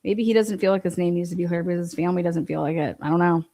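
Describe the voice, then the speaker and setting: Her voice is fairly low, creaky and dark in tone, steady in pitch but very fast. Hosting a casual livestream, she reads viewer comments aloud and speaks bluntly with lots of swearing, clearly fired up.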